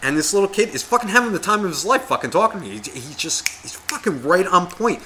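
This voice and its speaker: Profane, bright-voiced man telling a story. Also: high-pitched, fast talker, slight background noise. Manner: profane, animated, acts out quoted voices. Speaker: podcast co-host. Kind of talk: casual storytelling chat.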